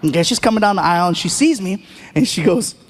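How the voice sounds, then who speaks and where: A man doing stand-up comedy on a large stage, telling a story and acting out other people's voices with shouted punchlines. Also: high-pitched, animated, fast. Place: large theater stage before a live audience. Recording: live stage recording with audience noise.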